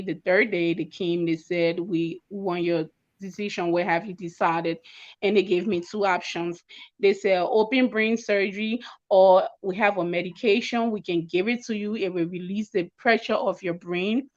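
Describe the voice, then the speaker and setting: A woman's voice: on the low side, fairly even intonation, normal speed. Give me an earnest young woman giving a personal testimony in an interview, recorded on slightly dull audio. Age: young adult. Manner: earnest, emotional storytelling with stammers and repeated words. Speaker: guest sharing her cancer story.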